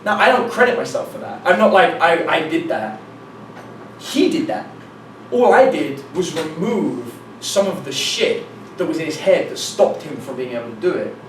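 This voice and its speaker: A man giving a live seminar talk as a dating coach, telling anecdotes in an animated way, acting out dialogue and swearing casually. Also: a little high, moderate pace, a little hiss or hum. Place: meeting room with an audience. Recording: echoey room from a distance, faint ambience.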